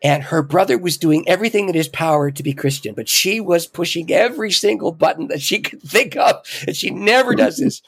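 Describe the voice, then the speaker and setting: A middle-aged man, a podcast guest, telling a story in an animated way with frequent chuckles. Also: fairly high pitch, a little fast, hardly any pauses, slightly rough, dry recording. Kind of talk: casual storytelling in an interview.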